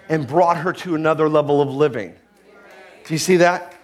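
A male pastor preaching a sermon, rising to shouted peaks and dropping to low, hushed teaching, with many rhetorical questions to the listeners. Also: fairly even intonation, moderate pace.

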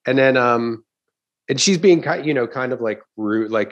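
Animated, profane male comedian telling a story. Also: medium pitch, normal speed, muffled recording. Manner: animated, swears often, acts out crowd reactions. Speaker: stand-up comedian. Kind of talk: casual storytelling chat.

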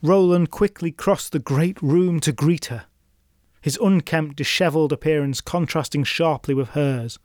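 A male storyteller reads a folk tale, building scenes with drama and tossing in wry asides. His voice sits slightly high. The recording is close and dead dry. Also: moderate pace, darkish tone, no room sound. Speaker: storyteller host. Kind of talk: scripted folklore narration.

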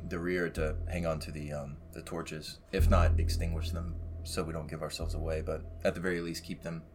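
A man playing a tabletop game, calmly laying out plans and laughing easily. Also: extremely low pitch, brisk, background noise. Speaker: player. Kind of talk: casual chat over a tabletop game.

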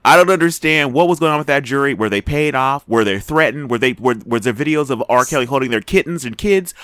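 A man's voice: medium pitch, expressive, fast talker, a bit bright, clear, resonant tone, no echo. A man co-hosting a casual chat, ranting with incredulous exasperation. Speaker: podcast co-host.

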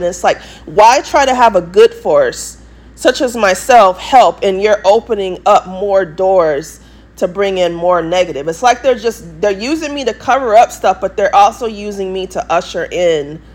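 An English-accented woman speaks straight to her audience in a long, rambling vlog. She is emphatic and circles back to the same points again and again. Her pitch sits in the middle. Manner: emphatic, repetitive, insistent. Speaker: vlogger. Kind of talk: rambling monologue to camera.

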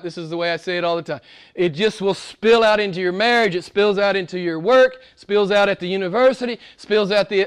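A man preaching a sermon with passion, asking the same questions again and again, swinging from loud exclamations to hushed near-whispers. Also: on the high side. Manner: repeats rhetorical questions. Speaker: pastor.

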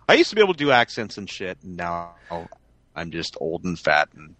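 A man's voice: low voice, wildly swooping pitch, fairly quick, bright, forceful tone. A man co-hosting a podcast in a casual, joking, laid-back manner. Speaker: podcast co-host. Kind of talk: casual chat.

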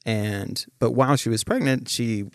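A young man chats in a relaxed, joking way and laughs at his own stories. His voice sits at a middling pitch. The recording is dry and close. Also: normal speed, no echo. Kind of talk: casual conversation.

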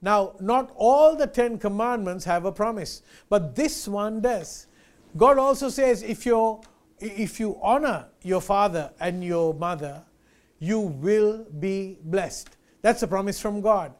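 A man's voice: high-pitched, slow pace. A male pastor preaching a sermon, earnest and emphatic, repeating key phrases and addressing listeners as friends.

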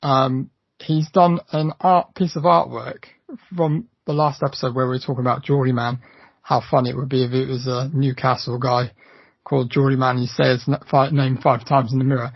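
A man's voice: mid-range voice, flat delivery, moderate pace, vocal fry, slightly rough, dry recording, lo-fi sound. A man co-hosting a casual podcast, talking with enthusiasm and plenty of fillers and restarts. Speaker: podcast co-host.

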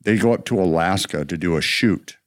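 A man's voice: low voice, a little fast, no echo, clean studio sound. A man co-hosting a casual talk show, telling a rambling movie story and acting out its lines. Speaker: co-host. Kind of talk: casual chat.

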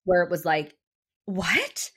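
A woman's voice: on the low side, moderate pace. Chatty woman telling a story. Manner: chatty, animated storytelling with many fillers. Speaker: podcast co-host. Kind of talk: casual chat.

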